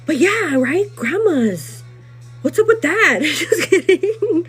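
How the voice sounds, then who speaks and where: A young woman hosting a live vlog, rambling in a gossipy, casual way, full of "like" and "you know what I mean," animated and quick to laugh. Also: faint music behind. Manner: animated and laughing, pitch jumps up when riled. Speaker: livestream host.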